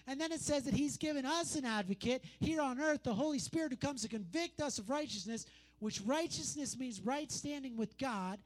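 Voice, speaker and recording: A man's voice: extremely high pitch, expressive, normal speed. Emphatic male preacher, repetitive and conversational. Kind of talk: sermon.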